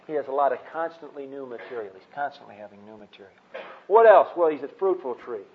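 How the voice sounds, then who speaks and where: A man's voice: medium pitch, expressive, fast. A man teaching from the Bible, who asks rhetorical questions and answers them himself. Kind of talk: teaching talk. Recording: dull lo-fi recording.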